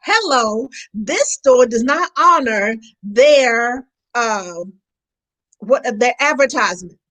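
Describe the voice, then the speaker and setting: A woman with a high voice talks in a lively, animated way during a casual conversation. She tells stories and slips into the voices of the people she quotes. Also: slow, low-quality recording. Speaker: co-host. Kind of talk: casual video chat.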